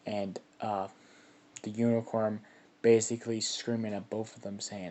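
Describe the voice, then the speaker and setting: Rambling low-voiced male storyteller. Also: level tone, measured pace, warm tone. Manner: rambling, full of "like" fillers. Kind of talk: casual fan-story narration.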